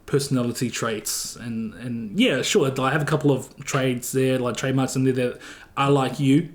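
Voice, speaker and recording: A man's voice: mid-range voice, steady tone, normal speed. Laid-back New Zealand man. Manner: laid-back, full of fillers and slang. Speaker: guest streamer. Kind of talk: casual podcast chat.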